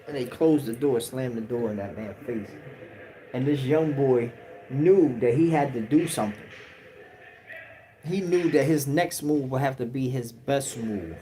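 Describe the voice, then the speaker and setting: A man's voice: mid-range voice, a little slow, mellow, poor audio. A man telling a story on a livestream in a casual, slang-heavy way. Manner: slang-heavy, acts out quotes. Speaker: livestream host.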